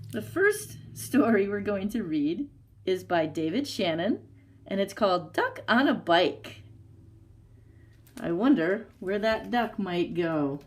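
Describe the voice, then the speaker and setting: A woman librarian reading a picture book aloud for storytime, slow and expressive. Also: mid-range voice. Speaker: youth services librarian.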